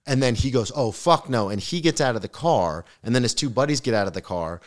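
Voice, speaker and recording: A young man spinning a rowdy comic story on a podcast, swearing freely and throwing himself into every quoted line. His voice sits at a middle pitch for a man, neither deep nor high. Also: fast. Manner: animated, swearing, acts out the quotes. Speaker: podcast guest. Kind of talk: comedic storytelling.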